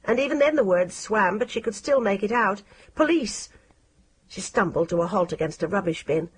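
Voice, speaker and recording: A woman narrating an audiobook in a measured, expressive reading style. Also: medium pitch, a little hiss or hum.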